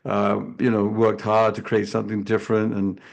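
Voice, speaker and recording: A man's voice: on the low side, monotone, moderate pace, gravelly, highs cut off. A man speaking as a sales coach on a video panel, chatty and jokey with many restarts. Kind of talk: casual panel chat.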